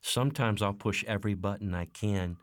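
A man with a lowish voice co-hosts a talk show, reflecting on the topic and speaking from a child's point of view. The sound is close and dry, with no room echo. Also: brisk. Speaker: co-host. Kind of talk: radio talk show conversation.

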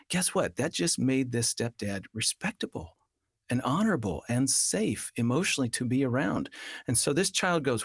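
Male family counselor for a talk show, earnest and explanatory, mid-pitched, dry studio sound. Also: gravelly, breathy edge, dry recording. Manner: earnest, acts out children's voices in quotes. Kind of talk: radio talk show conversation.

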